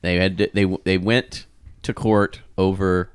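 A man's voice: low-pitched, little pitch movement, takes it slowly, smooth, no echo, studio quality. A man co-hosting a podcast, recounting stories in casual chat. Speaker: podcast co-host.

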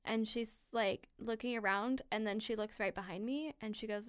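Smooth-voiced young woman, animated chat. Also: on the high side, normal speed, no room sound, studio quality. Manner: animated, swearing, heavy use of "like". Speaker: podcast host. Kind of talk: casual storytelling chat.

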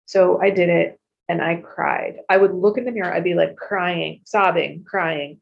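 Gravelly-voiced woman in her fifties, candid. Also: fairly low pitch. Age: 50s. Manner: frank and expressive, swears casually, quick asides. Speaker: recovery program member sharing her story. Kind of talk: candid personal testimony. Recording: dull lo-fi recording.

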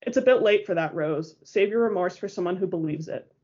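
A cutting, commanding young woman, as a female audiobook narrator puts her on, pitched a touch above the narrator and a little louder. The voice is husky and breathy, and the audiobook recording sounds dull and lo-fi. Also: brisk, close to an everyday voice. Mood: hard. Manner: clipped and cutting. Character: sharp, commanding young woman under strain.

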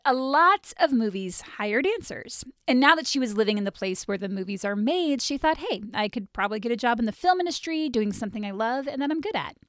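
A woman hosting a podcast, telling a story from her notes in a wry, animated way between bits of casual chat. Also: fairly high pitch, a little fast, hardly any pauses, no echo, studio quality. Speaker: podcast host.

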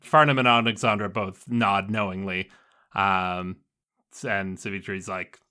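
A man's voice: low voice, fairly even intonation, measured pace, bright, forceful tone, clear, resonant tone. A man narrating a tabletop role-playing game as game master, casual with frequent fillers and restarts.

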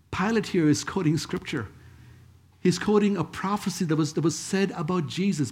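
A man's voice: fairly high pitch, moderate pace. A man preaching a sermon in a conversational way, with joking asides.

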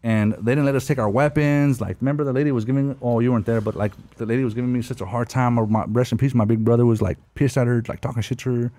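A man's voice: medium pitch, steady tone, fast, few pauses, warm tone. A man in his thirties casually telling stories, heavy with slang and swearing, laughing as he goes. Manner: slangy, profane, storytelling with laughs. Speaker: guest telling war stories. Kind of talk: casual podcast chat.

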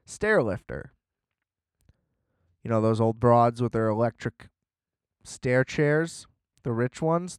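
A man's voice: medium pitch, darkish tone, clear, resonant tone, dry recording, clean studio sound. A young man hosting a casual film review, rambling, sarcastic and profane. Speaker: podcast host reviewing a film. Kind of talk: casual chat.

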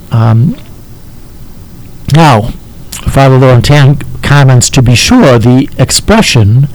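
Slow, halting male teacher. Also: mid-range voice, a little mellow, rough recording. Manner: halting, checks in with "okay?" often. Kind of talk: explaining a text to a listener.

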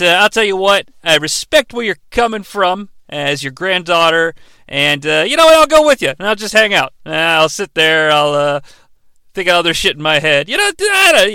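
A man's voice: a little high, pushed and bright, clear, resonant tone, no room sound. An American man co-hosting a podcast, recapping a TV episode in a profane, joking way and dropping into mocking voices. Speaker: podcast co-host. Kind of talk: casual comedic episode recap.

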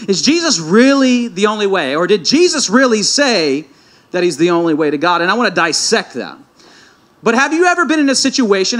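A man's voice: high-pitched, fairly bright tone. A man preaching a sermon to a congregation, speaking conversationally, asking the room questions and often restarting his sentences. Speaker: pastor. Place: church hall before a congregation.

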